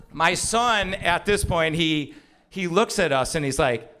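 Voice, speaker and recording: A middle-aged man tells a comic story into a stage microphone, mocking himself as he goes. His voice sits a little high for a man and swings widely in pitch. He slips into other people's voices in quick bursts. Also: expressive, sharp tone. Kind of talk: live comedic storytelling. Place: small live venue on stage.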